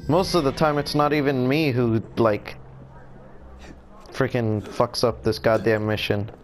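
A man's voice: medium pitch, fairly even intonation, measured pace, slight background noise. Swearing young man griping over gameplay. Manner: frustrated, swearing, exclaiming at the game. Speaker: gameplay commentator. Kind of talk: let's play commentary.

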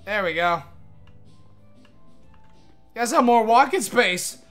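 A young man streaming a game live, chatting excitedly, swearing and thanking his viewers. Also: high-pitched, takes it slowly, soft background music.

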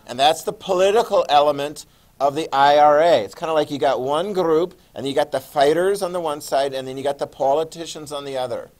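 A man's voice: a little high, a little fast, a little mellow. A man teaching a history class, talking casually and checking in with his students often. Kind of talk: classroom lecture.

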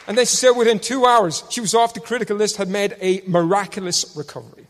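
A man preaching a testimony sermon, swinging between loud shouted proclamations and hushed storytelling. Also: sits high, expressive, quick pace, few pauses, some chatter behind, slight background noise. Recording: long hall reverb.

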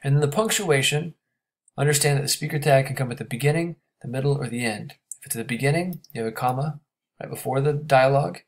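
A man teaching a grammar lesson, explaining step by step and checking in with quick questions. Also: mid-range voice.

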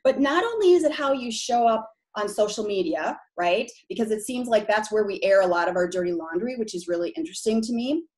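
Presenting to a room of real estate agents, this forties-aged woman from Minneapolis talks frankly and chattily, drawing out her Minnesota long O's and often asking "right?" She's animated and brisk with hardly any pauses, her mid-range voice darkish in tone.

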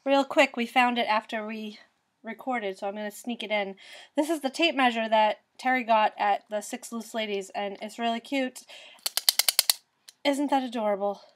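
A woman hosting a casual knitting vlog, chatting in an upbeat way and answering often with a quick "yep.". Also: on the high side, slight background noise. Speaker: knitting vlogger, host. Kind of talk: casual chat.

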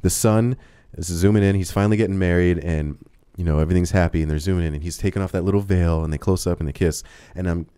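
A man's voice: deep voice, fairly even intonation, fast, few pauses, mellow, clear, resonant tone, no echo. A man reviewing movies in casual studio chat, blunt and sarcastic, swearing freely. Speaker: movie reviewer on a talk show.

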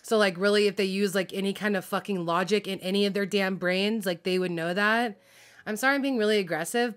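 A woman's voice: medium pitch, a little fast. A woman ranting about a TV drama in a casual, heated vlog, swearing constantly, full of fillers, laughing and losing track of names. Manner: heated, profane, filler-heavy venting with laughs; frazzled, loses track of names. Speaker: drama reaction vlogger.

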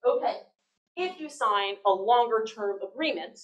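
A woman giving a lively, conversational public lecture on negotiation, often checking in with the audience. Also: on the high side, measured pace. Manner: lively, conversational, frequent "right?" tags. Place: lecture hall. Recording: echoey lecture hall.

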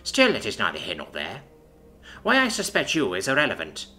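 A man voicing an imperious female dragon ruler who speaks in a measured, silky, threatening way. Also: fairly low pitch, huge pitch swings, bright, forceful tone, full character voice. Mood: cool menace. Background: faint background music.

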